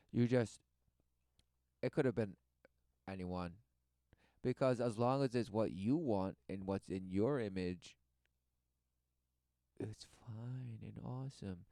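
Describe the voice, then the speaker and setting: A man giving sarcastic commentary over video footage, mocking the people he sees with quick scornful voices. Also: lowish voice, warm tone, dry recording, studio quality. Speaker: religious commentator.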